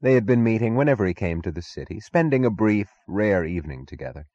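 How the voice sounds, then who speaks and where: Man, audiobook narrator, very low voice, mellow dark tone, dry dull lo-fi sound. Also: no room sound. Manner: deliberate, expressive reading. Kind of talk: scripted literary narration.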